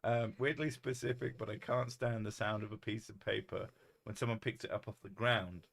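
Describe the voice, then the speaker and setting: A man's voice: fairly low pitch, fairly even intonation, normal speed, creaky, fairly bright tone. Swearing streamer man reading chat. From United Kingdom. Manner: swears freely, laughs often, reads comments aloud. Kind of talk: casual livestream chat.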